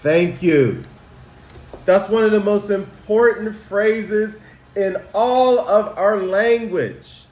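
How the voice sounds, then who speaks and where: A man, a school counselor, teaching children about manners in a slow, emphatic way, asking them questions directly. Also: high voice, fairly even intonation, a little mellow, reverberant, highs cut off.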